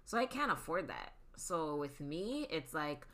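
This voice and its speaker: A woman hosting a casual chat, teasing her friends with quick, animated comebacks. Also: low-pitched.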